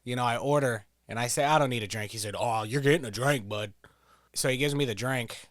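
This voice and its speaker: A man's voice: mid-range voice, fairly quick, fairly bright tone, dry recording, studio quality. Profane joking male game streamer. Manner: profane, joking, rambling storyteller. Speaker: gameplay streamer. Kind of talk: casual gameplay commentary.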